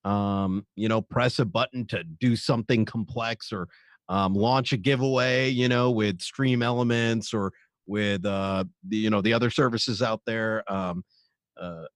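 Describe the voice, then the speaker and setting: A man's voice: lowish voice, fairly even intonation, unhurried, no room sound. A man talking in a casual panel chat, hesitant with many fillers and restarts. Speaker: streamer panelist.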